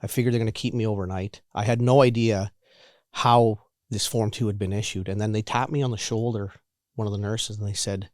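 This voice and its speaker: A man in his forties telling his own recovery story in a halting, candid way, often repeating words and restarting. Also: lowish voice, steady tone, darkish tone, no echo, studio quality. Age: 40s. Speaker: guest sharing recovery story.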